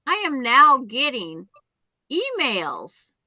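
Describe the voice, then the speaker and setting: A woman's voice: sits high, huge pitch swings, slow pace, bright, forceful tone, no room sound, rough recording. A woman chatting on a video call who argues her point insistently with many restarts. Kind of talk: casual chat.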